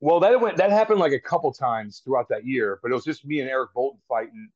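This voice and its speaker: This former pro hockey player, originally from St. Louis, US, talks fast and animatedly in a medium-pitched voice. He's a podcast guest telling a rambling, casual story peppered with swearing and restarted sentences. The sound is slightly dull and lo-fi.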